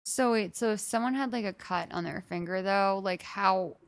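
A young woman co-hosting a podcast, rambling through casual chat. She leans on "like" fillers as she thinks aloud, in a medium-pitched voice. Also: normal speed. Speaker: podcast co-host.

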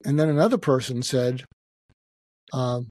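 An older man speaking as a psychiatrist guest in an interview, reflective and halting, with many restarts. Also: mid-range voice, a little mellow, dry recording. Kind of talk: emotional personal interview talk.

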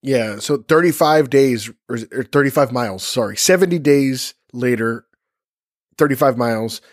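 A man's voice: medium pitch, normal speed, dry recording. Rambling man on a dry-sounding podcast. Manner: rambling, self-correcting, stumbling over words. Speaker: podcast co-host. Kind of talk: casual true-crime podcast chat.

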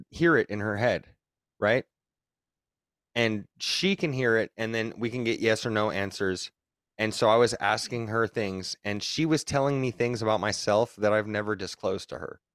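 A man's voice: lowish voice, unhurried, a bit bright, smooth, no room sound, clean studio sound. A young man casually telling a long story on a podcast, rambling and swearing, with emphatic repeats. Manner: rambling, profane, emphatic retelling.

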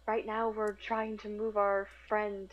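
A woman playing a tabletop game, speaking her character's lines quickly. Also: medium pitch, completely flat delivery. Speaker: player. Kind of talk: tabletop role-play. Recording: dry, dull lo-fi mic.

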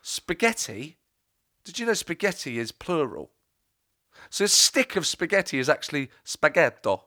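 A male comedian rambles through deadpan stories on a podcast and keeps restarting his sentences. His voice sits a little high and sounds bright and forceful. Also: normal speed. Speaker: comedian guest. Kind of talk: casual comedic chat.

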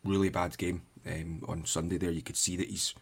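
A man's voice: deep voice, flat delivery, moderate pace, creaky, slightly rough. A man talking hesitantly and thoughtfully in a casual football podcast chat. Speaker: podcast co-host.

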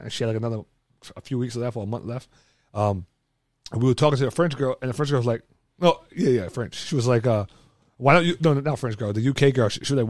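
Man, casual chat, rambling restarts, average pitch, dry close mic. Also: a little mellow, dry recording. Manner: rambling storyteller with many restarts and fillers.

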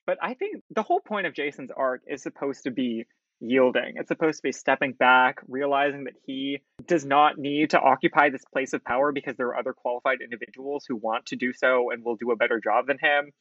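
A man's voice: mid-range voice, a little fast, a bit bright, dry recording. A man co-hosting a podcast, chatting casually about a book and laughing often. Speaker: podcast co-host. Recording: muffled dry recording.

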